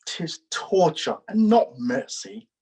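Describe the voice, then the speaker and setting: A despairing young lover in Shakespearean verse, sight-read by a man. The voice is husky and the delivery halts carefully through each line. It sounds like it was recorded on a video call. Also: sits high, sing-song, a little mellow, heavily acted, rough recording. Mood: yearning. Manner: halting, careful verse reading. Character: young lovesick man Romeo, banished and despairing. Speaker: acting workshop participant.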